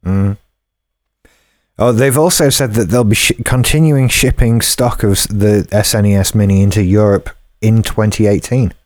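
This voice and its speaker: A man co-hosting a casual gaming news podcast, speaking in a measured, somewhat hesitant way. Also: on the low side, steady tone, a little mellow, no echo, clean studio sound. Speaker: podcast co-host.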